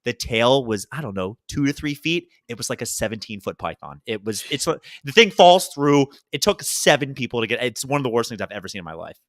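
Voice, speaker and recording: A man chatting on a comedy podcast, animated and quick to act out other people's lines. His tone is bright and clear. His pitch swings widely, and the sound is dry and close to the mic. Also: no echo. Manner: animated storyteller, acts out quotes. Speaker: podcast co-host. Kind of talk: casual comedy podcast chat.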